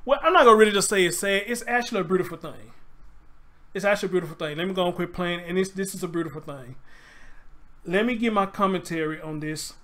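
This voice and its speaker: A man's voice: sits high, fast talker, a bit bright. Swearing, pleading man host. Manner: profane, pleading, repeats himself; fighting back tears. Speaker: show host. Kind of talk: casual live-stream commentary.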